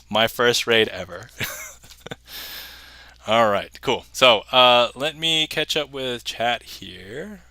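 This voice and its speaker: A man's voice: medium pitch, pushed and bright, clear, resonant tone, no room sound. A man hosting a casual livestream magic show, chatting, reading viewer messages aloud and chuckling often.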